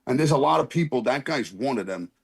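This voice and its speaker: Speaking fast and expressively, this man's medium-pitched voice is creaky and husky. He's on a video call by phone, giving a casual, heartfelt share at a recovery meeting, earnest and rambling and apologizing for swearing.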